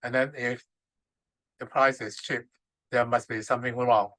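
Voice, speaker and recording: Hong kong guy, native cantonese, halting english lecture, bright voice, dry close sound. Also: mid-range voice, flat delivery, dry recording, rough recording. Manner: hesitant, non-native English with filler uhs. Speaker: guest speaker, ceramics expert. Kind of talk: lecture presentation.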